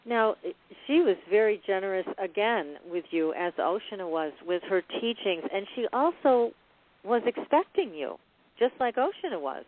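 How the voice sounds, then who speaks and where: A woman's voice: medium pitch, animated, moderate pace. A woman co-hosting a conversational interview, chatty and affirming toward her guest. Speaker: co-host. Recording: tinny phone-line audio.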